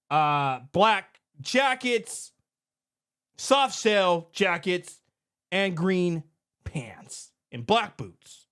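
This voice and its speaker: Man, middle-aged, security owner, podcast commentary, lively pitch, repeats himself. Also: clean tone. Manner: animated, conversational, repeats himself.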